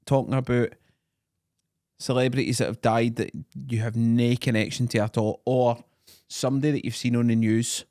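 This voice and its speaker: A man's voice: medium pitch, flat delivery, moderate pace, warm tone, dry recording, studio quality. A Scottish man co-hosting a podcast, trading blunt, sweary, teasing banter. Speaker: podcast co-host. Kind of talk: casual chat.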